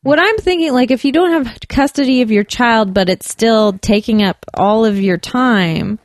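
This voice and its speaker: A young woman with a slightly high voice trades quick, giggly quips on a comedy podcast. The recording is close and dry. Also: dry recording. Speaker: podcast co-host. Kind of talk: casual comedy podcast chat.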